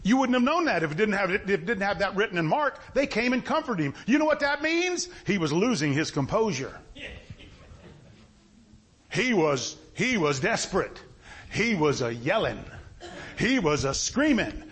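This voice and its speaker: A man's voice: high-pitched, very animated, moderate pace, a bit bright, slightly rough. A man preaching a sermon in a folksy style, asking his listeners questions again and again. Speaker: pastor.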